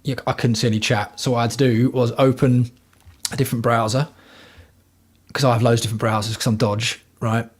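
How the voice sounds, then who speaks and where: A man's voice: medium pitch, little pitch movement, fairly quick, slightly rough. A man hosting a casual livestream from home, talking bluntly and rambling with plenty of swearing. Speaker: livestream host.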